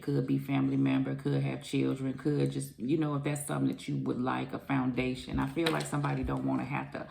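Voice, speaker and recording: A woman's voice: low voice, creaky. A woman giving a casual tarot reading to camera, rambling and musing aloud, often trailing off and circling back to how she feels. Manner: rambling, loose, repeats "I feel like"; muses aloud, trails off with "I don't know". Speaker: tarot reader.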